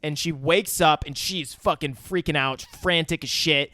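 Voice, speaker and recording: A man on a podcast retells a film scene by scene, piling on swear words as he gets worked up. His voice sits a bit high, and it is recorded up close and dry with no room sound. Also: moderate pace, no room sound. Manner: profane, excitable retelling of scenes. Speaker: podcast co-host. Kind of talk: casual movie review chat.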